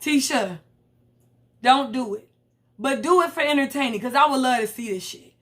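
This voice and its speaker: Young woman, high voice, blunt profane reality TV recap. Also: normal speed. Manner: animated, blunt, profane, acts out quoted lines. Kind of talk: casual recap commentary.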